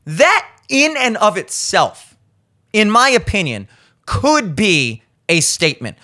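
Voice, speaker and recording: A man's voice: high-pitched, pushed and bright. A man in his thirties hosting a podcast, giving blunt, profane opinion commentary and acting out the people he quotes. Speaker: podcast host. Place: studio.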